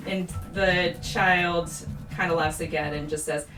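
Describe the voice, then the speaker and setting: A woman game master narrates a live-streamed tabletop game in a lowish, slightly bright voice, keeping a steady tone and slow pace. Her narration rambles and is heavy with fillers. The mic sits at a distance, giving a roomy echo, with music and slight noise in the background.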